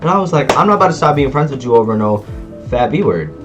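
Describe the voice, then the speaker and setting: A teenage boy telling a school drama story in a casual vlog, animated and slangy, acting out quoted lines. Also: medium pitch, fast, highs cut off, faint music behind. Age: teens. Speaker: vlogger.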